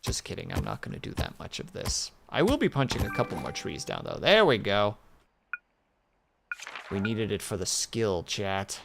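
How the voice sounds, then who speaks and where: A man's voice: on the low side, huge pitch swings, moderate pace, vocal fry, noisy background. A man streaming a game, chatting casually and joking with his chat. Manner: joking, playful asides to chat.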